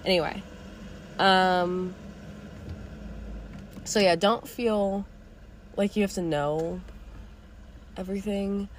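A teenage girl hosting her own podcast, talking in a candid, rambling way with casual swearing and a voice going a little hoarse. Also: mid-range voice, steady tone, slow pace, pauses often, a little hiss or hum. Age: teens. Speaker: podcast host. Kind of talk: casual reflective monologue.

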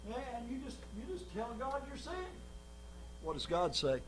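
High-voiced, animated male preacher. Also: moderate pace, a little hiss or hum. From Minnesota, United States. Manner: animated storyteller, acts out quotes, swings loud and soft. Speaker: guest preacher. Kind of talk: sermon.

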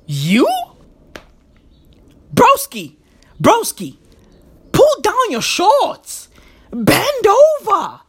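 A man voicing mocking, brutish male footballers who taunt their opponents with drawn-out menace. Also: extremely high pitch, a bit bright, voice pushed up, heavily acted.

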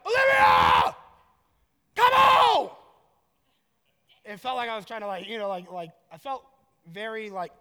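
Casual joking pastor guy, 30s, bright high voice, big echoey hall. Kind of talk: sermon.

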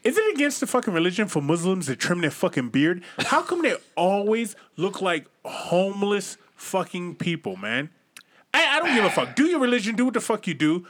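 High, animated man swearing casually. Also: a little fast. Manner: profane, animated, acts out quoted voices. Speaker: podcast co-host. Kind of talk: crude casual banter.

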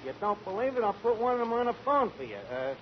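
An actor playing a brash, fast-talking tavern manager in a 1940s radio comedy, mangling his grammar. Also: extremely high pitch, sing-song. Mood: wisecracking. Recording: hissy lo-fi old radio broadcast.

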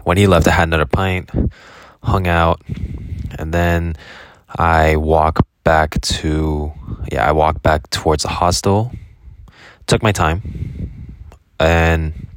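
A man's voice: very deep voice, fairly even intonation, slow pace, pauses often, smooth. A young man casually recounting his travels as a vlogger, rambling and correcting himself with many fillers. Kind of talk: casual spoken travel diary.

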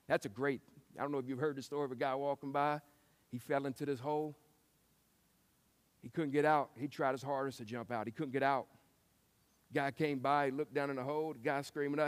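A man preaching a sermon, telling stories and acting out quotes with lively shifts. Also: medium pitch, fairly quick, long pauses. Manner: lively storytelling with acted-out quotes. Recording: long hall reverb.

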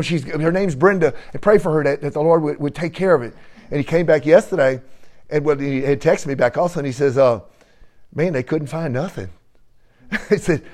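A man leading a church gathering, telling an animated testimony with laughter and frequent praise. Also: fairly high pitch, fairly quick. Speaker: church fellowship leader.

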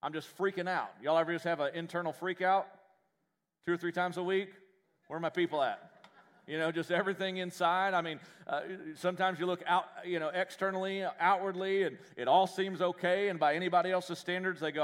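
A man preaching a sermon in a church, folksy and joking, with animated delivery. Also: high-pitched, a little fast. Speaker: pastor.

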